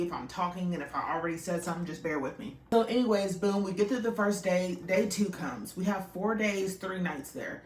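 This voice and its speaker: A woman's voice: fairly low pitch, vocal fry, roomy sound, distant mic, slight background noise. A young woman casually telling a rambling, emotional storytime, swearing freely and acting out what people said.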